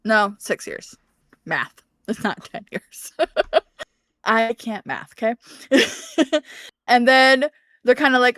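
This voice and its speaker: A woman's voice: a little high, lively intonation, slow pace, long pauses, fairly bright tone, no echo. A woman co-hosting a book podcast, casually recapping chapters, laughing often and acting out characters' lines. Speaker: podcast co-host.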